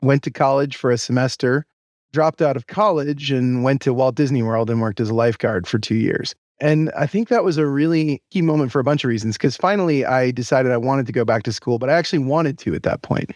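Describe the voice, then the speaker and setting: Brief: hoarse male guest, relaxed and self-deprecating, dry headset sound. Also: medium pitch, fairly quick, no room sound. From Maine. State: hoarse, recovering lost voice. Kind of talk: casual interview chat. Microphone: Bluetooth headset boom mic.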